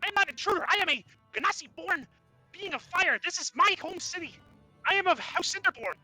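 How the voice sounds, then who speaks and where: A man's voice: very high-pitched, lively intonation, a little fast, bright, forceful tone, dry recording, soft background music, pitched above the performer's own voice, heavily acted, low-quality recording. A man voicing a proud fire-genasi sorcerer, an indignant noble who speaks in a lofty, commanding way during an online tabletop game. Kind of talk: tabletop role-play in character.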